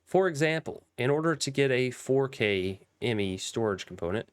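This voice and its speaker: A man's voice: medium pitch, lively intonation, normal speed, clear, resonant tone, no echo, clean studio sound. A young man with a Southern accent, rambling through casual gameplay commentary with frequent ums and restarts. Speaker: Minecraft modpack let's player.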